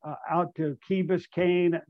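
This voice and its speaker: Older male storyteller, higher-pitched, rambling and amused; dry, dull remote-call sound. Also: level tone, measured pace, dry recording. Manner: rambling, self-amused, restarts and fillers, acts out voices in quotes. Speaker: guest, retired baseball player. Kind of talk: storytelling anecdote.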